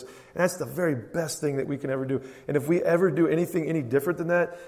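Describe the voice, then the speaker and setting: A male preacher with a slightly higher voice delivers an earnest sermon, hammering key phrases again and again. He drops to near quiet, then rises to ringing declarations. The sound carries the long reverb of a big church hall. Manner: earnest, repetitive emphasis, swings between quiet and loud.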